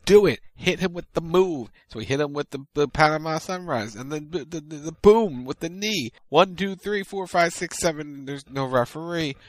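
A man talking through a wrestling event on a podcast, in a slightly high voice, acting out bits of what happened. The sound is dry and close, with no room echo. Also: normal speed, few pauses. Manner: animated retelling with acted-out quotes. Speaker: podcast co-host. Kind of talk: casual wrestling recap chat.

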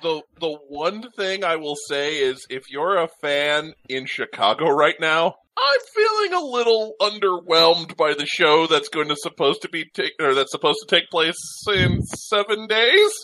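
Man, podcast co-host, excitable, bright voice, very lively pitch. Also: measured pace, few pauses, no echo, poor audio. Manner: excitable, exasperated opinions. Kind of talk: casual wrestling chat.

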